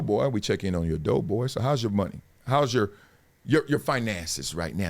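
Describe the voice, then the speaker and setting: A man's voice: fairly low pitch, big pitch swings, normal speed, creaky, darkish tone. A man hosting a show, giving casual sports commentary in a playful, slangy way. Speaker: show host.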